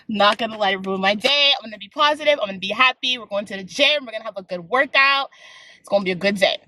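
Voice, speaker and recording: A woman's voice: fairly high pitch, fast, a little hiss or hum. Chatty young woman vlogging. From Canada. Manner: chatty and expressive, dramatic complaining. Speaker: fitness vlogger. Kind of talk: casual vlog chat.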